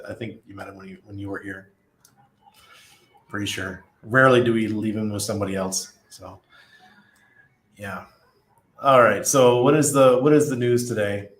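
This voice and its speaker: Chatty man livestreaming in an echoey room. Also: lowish voice. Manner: chatty, laughs often, reads viewer comments aloud. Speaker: livestream host. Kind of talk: casual livestream chat. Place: apartment above a busy nightlife street. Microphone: studio mic at desk.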